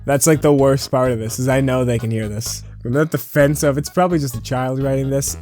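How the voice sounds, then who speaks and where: A man's voice: mid-range voice, fairly even intonation, a little fast, a little mellow, faint music behind. A man hosting a comedy video, making exasperated, giggly asides. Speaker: YouTube host. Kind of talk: casual comedic commentary.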